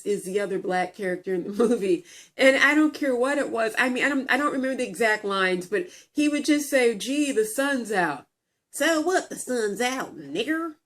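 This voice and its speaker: A woman vlogger telling a story in a casual commentary video, blunt and profane, often stumbling over and repeating words. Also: medium pitch.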